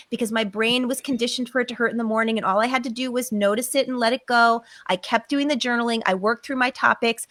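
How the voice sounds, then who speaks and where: A woman's voice: on the high side, fairly bright tone, no echo. A middle-aged woman, a psychotherapist, telling her own story emphatically on a podcast and acting out her inner voices. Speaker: psychotherapist guest.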